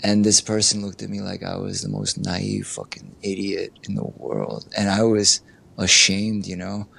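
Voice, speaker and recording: Gravelly low-voiced man telling stories. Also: moderate pace. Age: middle-aged. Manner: animated storyteller acting out quoted people, frequent "you know". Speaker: interview guest, life coach and barista. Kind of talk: candid conversational storytelling.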